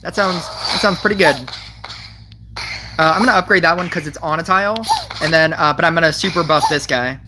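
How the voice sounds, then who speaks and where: A woman's voice: sits low, fairly quick, heavy background noise. A woman giving casual gameplay commentary, thinking aloud as she plays and often correcting herself. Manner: thinking aloud, frequent restarts and self-corrections. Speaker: mobile game player.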